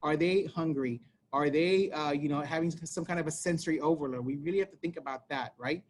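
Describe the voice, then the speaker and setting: Fast-talking man leading an online workshop. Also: fairly high pitch, slight background noise. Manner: talks fast, conversational, many fillers and "right?". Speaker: parent workshop presenter. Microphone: video call.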